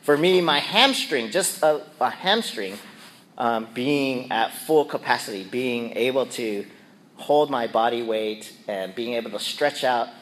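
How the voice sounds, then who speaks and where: A man's voice: medium pitch, lively intonation, unhurried, fairly bright tone, slight background noise. A middle-aged man casually telling a personal story and acting out his own yelps and quoted lines. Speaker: speaker sharing a personal reflection.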